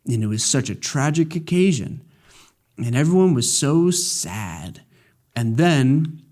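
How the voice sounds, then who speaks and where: A man's voice: medium pitch, a little mellow. Rambling man recapping a game story. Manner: rambling, jokey story recap with many fillers. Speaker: let's play gamer. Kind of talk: casual gameplay commentary.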